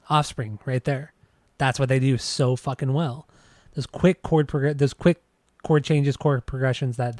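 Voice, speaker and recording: A man's voice: mid-range voice, a little mellow, no echo. A man co-hosting a podcast who reviews music in rambling, enthusiastic casual chat. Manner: rambling, enthusiastic, apologetic restarts. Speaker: podcast co-host.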